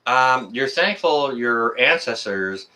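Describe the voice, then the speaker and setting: A man's voice: medium pitch, expressive, slow, bright, forceful tone. Chatty Canadian man greeting stream viewers. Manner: friendly, rambling with many fillers. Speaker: live stream host. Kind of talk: casual live stream chat greeting viewers.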